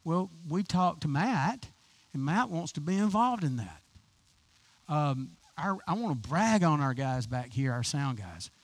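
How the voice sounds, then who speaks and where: A man's voice: fairly high pitch, very animated, unhurried, dry recording. A man preaching an informal, chatty sermon to his congregation as their pastor, enthusiastic and full of restarts. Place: church sanctuary.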